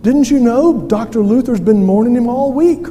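A man voicing a sharp-witted wife who speaks with dry, teasing wit, in an echoey hall. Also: very high voice, moderate pace, pitched above the performer's own voice. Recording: echoey hall with faint noise.

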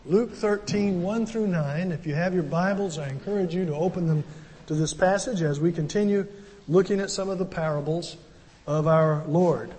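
A man's voice: sits high, moderate pace, mellow, big-room sound. An older man, a pastor, preaching a sermon and telling stories with conversational asides. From southern United States. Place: church sanctuary.

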